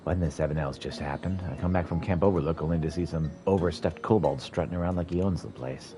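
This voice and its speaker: A man's voice: low-pitched, quick pace, music in the background, close to an everyday voice. A man voicing a brash, blunt warrior woman in a game, scolding in folksy slang. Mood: scornful.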